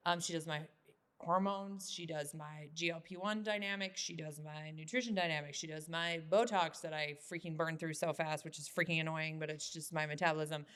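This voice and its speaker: A woman hosting a podcast in casual chat, candid and quick to laugh, swearing lightly as she goes. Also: deep voice, fairly even intonation, fairly bright tone, smooth. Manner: candid, laughs often, says freaking a lot. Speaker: podcast host.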